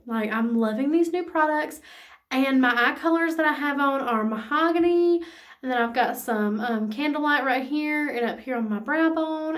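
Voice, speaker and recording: Gushing woman, a little high. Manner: gushing, excitable, says y'all a lot. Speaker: beauty vlogger. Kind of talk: casual makeup tutorial.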